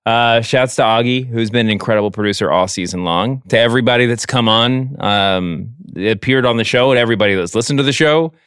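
A man's voice: medium pitch, a little fast, few pauses, fairly bright tone, clean tone, no room sound, clean studio sound. A man hosting a casual podcast chat, rambling and trailing off as he talks things through. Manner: rambling, trails off, acts out scenes. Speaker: podcast host.

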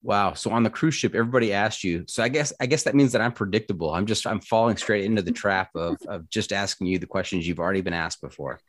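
A man's voice: lowish voice, fast, few pauses, dry recording, studio quality. A man hosting a podcast interview, chatty and joking, often stumbling over his words. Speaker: podcast host. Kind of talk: casual interview.

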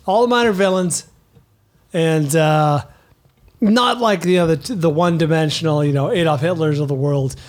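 Higher-voiced man co-hosting a film chat. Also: moderate pace. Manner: playful, rambling list talk with restarts. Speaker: podcast co-host. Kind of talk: casual film podcast chat.

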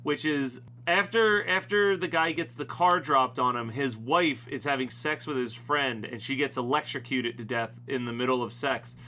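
A man's voice: mid-range voice, fairly even intonation, moderate pace, hardly any pauses, pushed and bright, a little hiss or hum. A man co-hosting a casual movie review chat, laughing often and swearing while he jokes about the film. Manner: laughs often, profane, joking. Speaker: podcast co-host.

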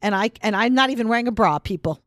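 A woman's voice: fairly high pitch, lively intonation, quick pace, a bit bright, no room sound, studio quality. A woman co-hosting a casual podcast from her own house, brash and playful, swearing freely. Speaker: podcast co-host. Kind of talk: casual chat.

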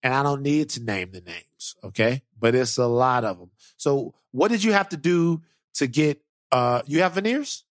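A man co-hosting a podcast in a casual comedic chat, telling lively stories and acting out voices. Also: medium pitch, normal speed, dry recording, studio quality. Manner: animated storyteller, acts out voices. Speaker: podcast co-host.

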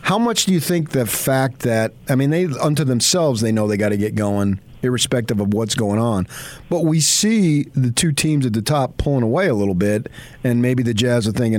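A man's voice: mid-range voice, animated, normal speed, darkish tone, no room sound. A man hosting a morning sports radio show, telling long rambling stories and asking questions with eager enthusiasm. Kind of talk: casual sports radio talk.

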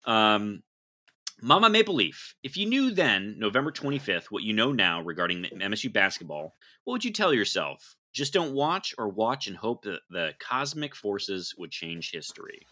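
Wry, very bright-voiced man reading questions. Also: on the low side, very animated, moderate pace. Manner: wry, laughing, dry one-line answers. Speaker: podcast co-host reading listener questions. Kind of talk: casual sports podcast chat.

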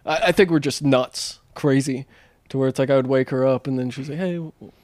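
A man's voice: medium pitch, fairly even intonation, a little fast, a little mellow, dry recording. A man in his thirties co-hosting a podcast, talking in a loose, rambling way with lots of fillers and swearing. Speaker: podcast co-host. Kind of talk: casual chat.

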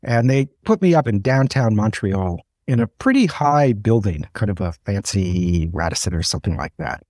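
A man's voice: fairly low pitch, sing-song, normal speed, darkish tone, no echo. A man recounting a wry, awkward story in a casual way. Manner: wry, building to comic repetition. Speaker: guest storyteller. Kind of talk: casual anecdote telling.

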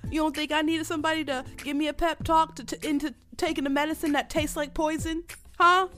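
A woman's voice: sits high, fairly even intonation, fairly quick, fairly bright tone. A woman hosting a casual solo podcast while sick and coughing, candid and rambling, laughing often and calling her listeners y'all. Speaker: podcast host.

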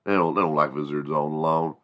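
A man voicing a bragging redneck teenage boy who drawls out tall tales in a fast, boastful patter. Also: rumbling low, fairly even intonation, voice pushed down. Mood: evasive.

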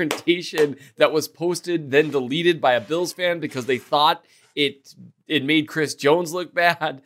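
A man talking on a casual sports podcast in a quick, rambling way, full of "like" and "you know". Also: fairly high pitch, fairly bright tone. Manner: quick, rambling talk with fillers. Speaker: podcast co-host.

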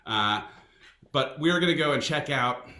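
Vlog host, male, 30s; animated and playful, lively pitch, echoey room sound. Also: unhurried. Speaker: vlog host and first-time author. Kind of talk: casual vlog chat.

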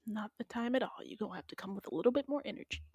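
A woman putting on the voice of a blunt, serious college student in a hushed tone. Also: mid-range voice, rapid-fire, slightly rough, no echo, clean studio sound. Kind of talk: podcast recap.

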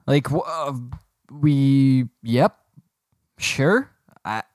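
A man's voice: mid-range voice, expressive, takes it slowly, long pauses, a little mellow, dry recording, studio quality. Sarcastic young man ranting on a podcast. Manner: rambling, sarcastic, breaks into giggling fits. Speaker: podcast host. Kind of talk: casual solo podcast rant.

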